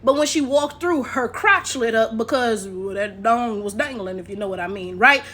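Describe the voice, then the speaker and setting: High bright American woman vlogger. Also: moderate pace, husky. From United States. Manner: animated, keeps asking "right?" to the viewers. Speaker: commentary vlogger. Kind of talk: casual commentary monologue. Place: at home at her laptop.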